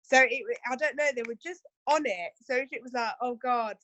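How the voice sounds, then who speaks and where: A woman's voice: high voice, fairly quick, pushed and bright. Chatty woman giving team training. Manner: chatty, full of asides and rhetorical questions. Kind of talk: casual training talk to a team.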